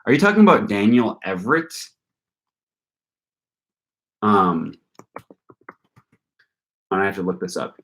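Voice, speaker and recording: A man's voice: lowish voice, big pitch swings, slow, pauses often, fairly bright tone. A young man hosting a live-stream Q&A, chatting casually and thinking aloud with frequent ums. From North Carolina. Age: young adult. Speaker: channel host answering viewer questions.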